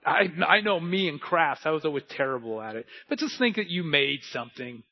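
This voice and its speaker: Pastor, male, fairly high voice, emphatic repetitive preaching, dull lo-fi recording. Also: animated, brisk. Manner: emphatic, repetitive cadence, builds to shouting. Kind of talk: sermon. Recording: dull lo-fi sound.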